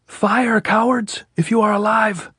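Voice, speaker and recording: A man's voice: mid-range voice, huge pitch swings, a little slow, a little mellow, slightly rough, dry recording, clean studio sound, pitched above the performer's own voice, exaggerated voice. A man voicing a hot-tempered army captain who rants and bellows furiously, in an audiobook. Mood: raging, shouting.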